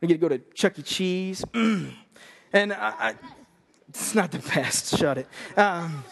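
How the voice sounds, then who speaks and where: Youthful male preacher, unusually high pitch, lively and jokey, big room echo. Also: a little slow, gravelly. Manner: energetic, joking, conversational. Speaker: youth pastor. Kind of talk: sermon. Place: church stage. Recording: long hall reverb.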